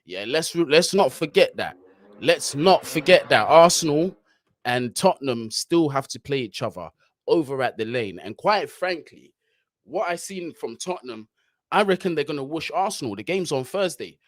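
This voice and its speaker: A man's voice: fairly high pitch, animated, moderate pace, no room sound. A man hosting a casual fan livestream, chatting in slang and reading out viewer comments.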